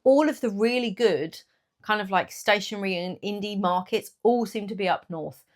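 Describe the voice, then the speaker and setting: A woman, chatting casually in a small business vlog, animated and laughing often. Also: medium pitch, moderate pace. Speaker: small business owner and vlogger. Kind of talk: casual chat to camera.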